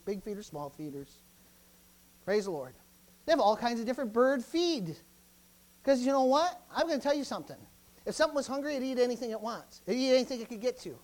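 Preacher going hard in a sermon, repeats stuff, asks the crowd questions, gets loud then goes quiet. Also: mid-range voice. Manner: impassioned, swings from loud exhortation to quiet asides.

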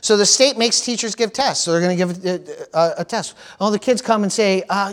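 High-voiced man preaching with fervor. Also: normal speed, few pauses. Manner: preachy call-and-response, repeats phrases for emphasis. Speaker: pastor. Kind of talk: sermon.

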